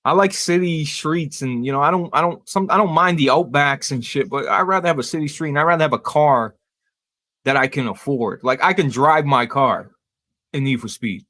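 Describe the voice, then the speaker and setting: A man hosting a casual podcast, excitable and profane, always calling people bro. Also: on the high side, normal speed. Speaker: podcast host.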